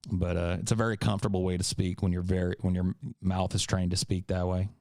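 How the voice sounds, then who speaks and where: Deep, flat-voiced profane podcast man. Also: fast, no room sound, clean studio sound. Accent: California, with a faint Southern tinge. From Central California, USA. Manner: profane, rambling, blunt. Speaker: podcast host. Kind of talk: casual podcast Q&A.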